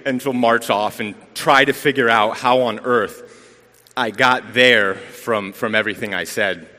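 A man's voice: medium pitch, fairly even intonation, a little slow, bright, forceful tone. A man giving a sermon as a lay preacher, telling rambling stories with self-deprecating humor, recorded in a church sanctuary. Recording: long reverb of a church hall.

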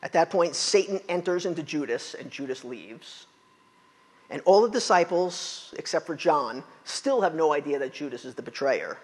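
A man preaching a sermon, retelling scripture with lively, acted-out quotes. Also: a little high, normal speed, breathy edge, long reverb tail. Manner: animated storytelling, acting out quotes.

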